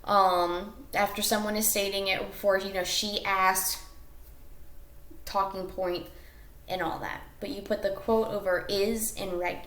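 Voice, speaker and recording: A woman teacher explains a class lesson in a recorded video. She goes step by step, with some fillers and self-corrections. Her voice sits at a middle pitch and bounces around a roomy space. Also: little pitch movement, a little slow, fairly bright tone.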